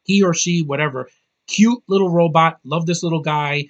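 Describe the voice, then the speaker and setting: This thirties-aged man gives a loose, rant-style film review at a moderate pace, cursing often, rambling off-topic and leaning on filler words. His pitch runs slightly above average for a man, and the recording sounds muffled.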